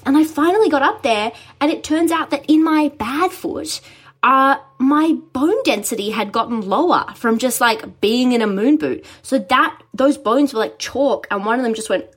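A young woman, a guest chatting casually in an interview, telling stories in an animated way with frequent laughter. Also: high voice, normal speed, husky. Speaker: guest, musical writer.

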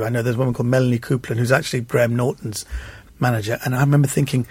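A man guest telling animated anecdotes in an interview, acting out the voices of people in his stories. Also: mid-range voice, racing, husky, dry recording. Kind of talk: anecdotal storytelling.

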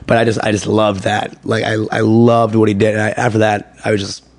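A man, a stand-up comedian, chatting on a podcast in an animated way, swearing freely and tripping over his words. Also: fairly low pitch, fairly quick, no echo. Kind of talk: casual podcast conversation.

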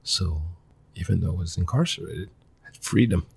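A man, a guest in an interview, telling his life story in earnest, halting fragments with many restarts. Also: sits low, gravelly, slightly rough. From Mali. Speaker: interview guest, former pro soccer player. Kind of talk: personal storytelling in a conversational interview.

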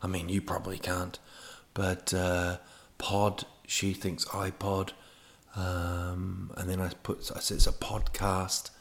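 A man's voice: deep voice, monotone, slow pace, creaky. A man hosting a podcast, telling a rambling comic monologue full of digressions and self-mocking asides. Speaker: podcast host.

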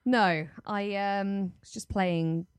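A woman's voice: medium pitch, fairly even intonation, slow pace, smooth, dry recording, studio quality. A woman improvising a comedy scene, telling her story playfully and acting out the quotes. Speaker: improv guest.

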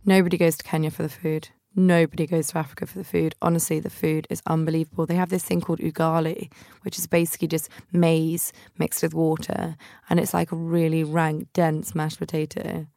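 A woman's voice: deep voice, little pitch movement, a little fast, gravelly, dark tone, dry recording, studio quality. A young woman hosting a podcast, telling funny travel stories in a chatty, self-mocking way and putting on family members' voices. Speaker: podcast host. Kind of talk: casual storytelling monologue.

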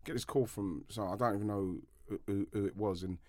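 A man's voice: lowish voice, fairly even intonation, brisk, darkish tone, dry recording, studio quality. A middle-aged man, co-hosting a podcast and telling a long story in a rambling way, with many restarts. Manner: rambling, with frequent restarts and laughter. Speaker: podcast co-host, former footballer. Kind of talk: storytelling in casual chat.

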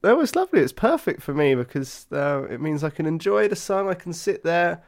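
Bloke co-hosting a podcast, bit high voice, jokey banter. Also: male voice, sing-song, brisk. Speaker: podcast co-host. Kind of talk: casual chat.

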